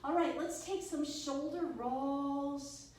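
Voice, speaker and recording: A woman's voice: high-pitched, slow, darkish tone, a little hiss or hum. A woman teaching a children's yoga class, speaking in an encouraging, sing-song way to small children. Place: yoga studio. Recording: very echoey room from far off.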